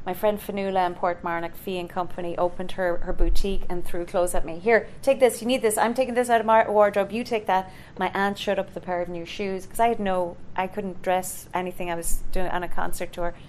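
An Irish woman, middle-aged, telling an animated story as a guest in a live interview, full of fillers and acted-out voices. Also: on the low side, fairly quick, few pauses, slight background noise. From Ireland. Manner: animated, acts out quoted voices, many fillers. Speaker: conductor and composer, guest.

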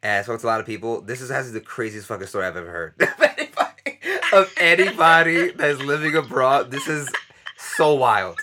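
Lively, bright-voiced podcast host. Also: medium pitch, quick pace. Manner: expressive, swears, loud laughing reactions. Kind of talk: casual interview chat.

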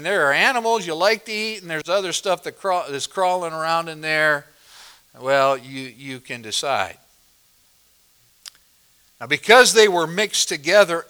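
High-voiced man preaching, bright tone. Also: smooth. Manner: expository, asks the congregation questions; swings between loud emphasis and quiet asides. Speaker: pastor. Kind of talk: sermon.

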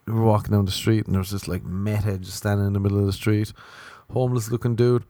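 An Irish man rambling through funny stories in a casual, animated way, swearing freely. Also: fairly low pitch, fast, no echo. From Ireland. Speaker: comedian. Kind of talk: casual comic storytelling.

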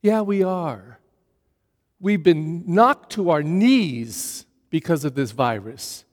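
A male pastor preaching a sermon in an animated way, reading scripture aloud with dramatic emphasis. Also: on the high side, takes it slowly, big-room sound.

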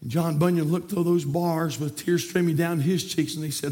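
A man preaching a sermon as pastor in a church, swinging between hushed passages and shouted climaxes. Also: on the high side, steady tone, moderate pace. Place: church sanctuary.

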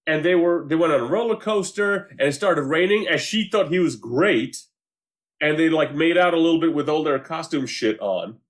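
A man chatting casually and recapping a TV show, animated, acting out quotes, swearing freely and laughing often. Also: fairly high pitch, moderate pace.

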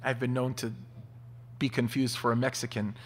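A man preaching a sermon, telling stories in an animated way. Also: mid-range voice, moderate pace, a little hiss or hum. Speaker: pastor. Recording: long hall reverb.

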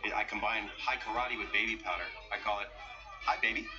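An actor playing an affable, dorky sitcom dad on a date, quick and upbeat with corny jokes. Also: male voice, fairly low pitch, steady tone, close to an everyday voice. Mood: cheery. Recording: muffled TV clip with loud music.

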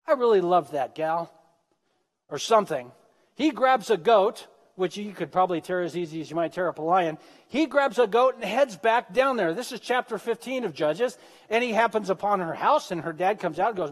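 A man's voice: high-pitched, animated, normal speed, long reverb tail. A man preaching a sermon, retelling a scripture story with joking asides to his congregation. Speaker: pastor. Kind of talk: humorous sermon.

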